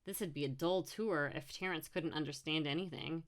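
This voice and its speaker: Low-voiced woman reading a story aloud. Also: moderate pace. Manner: reads every character with small changes of voice. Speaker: audiobook narrator. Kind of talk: audiobook narration.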